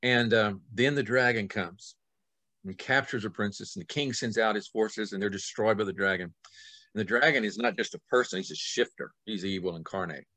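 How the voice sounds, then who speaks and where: A middle-aged man, an author, telling a story in an animated way, swinging between loud and soft as he acts out the scenes. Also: lowish voice, fairly quick, no room sound. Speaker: author guest.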